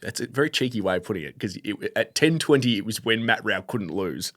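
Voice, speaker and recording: A man with an Australian accent co-hosting a sports podcast in casual chat, opinionated and quick to laugh. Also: on the low side, expressive, a bit bright. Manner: opinionated, laughs easily, restarts often. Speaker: podcast co-host.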